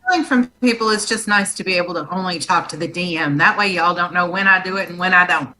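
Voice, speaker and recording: A woman's voice: lowish voice, fast talker, sharp tone, low-quality recording. A woman playing a tabletop game, talking in an easygoing, jokey drawl over a voice chat mic. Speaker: player. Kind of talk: casual tabletop game play.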